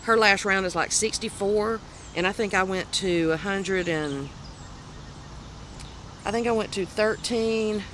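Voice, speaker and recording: A woman with a Southern US accent hosting a crochet video podcast, chatting casually and rambling as she shows her finished projects, quick to laugh at herself. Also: mid-range voice, fairly bright tone, slight background noise. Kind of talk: casual show-and-tell chat.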